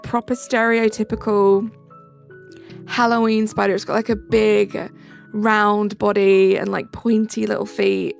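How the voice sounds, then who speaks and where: Young english woman streaming, kinda high voice w/ some fry, music going faintly behind. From England. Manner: chatty, reacts aloud to viewer comments. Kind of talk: live stream chat, reading comments.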